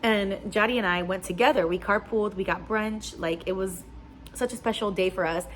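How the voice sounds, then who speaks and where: A woman's voice: medium pitch, moderate pace, a little hiss or hum. A young woman, a newly licensed nurse, chatting casually in a personal vlog and filling her talk with "like.". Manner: chatty, lots of "like" fillers. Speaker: new nurse vlogger.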